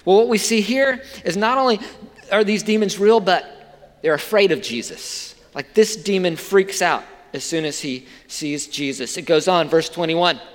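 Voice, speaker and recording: High-voiced man preaching in a hall. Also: animated, normal speed. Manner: conversational, asks the listeners rhetorical questions. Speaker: pastor. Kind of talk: sermon.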